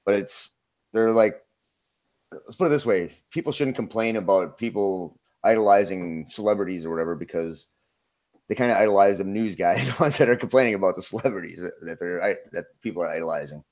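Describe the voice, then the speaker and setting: A man's voice: low-pitched, fairly quick, darkish tone. A man from Minnesota hosting a casual live-stream chat, laid-back and rambling, chuckling often. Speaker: host.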